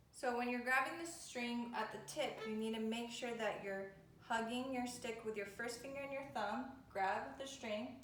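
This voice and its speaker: A woman violin teacher giving a patient, step-by-step video lesson. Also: on the high side. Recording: echoey room with faint noise.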